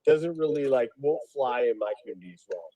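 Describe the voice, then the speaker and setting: Lively rambling man on a stream. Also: mid-range voice, fast talker, no room sound, low-quality recording. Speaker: streamer guest. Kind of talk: casual live-stream chat.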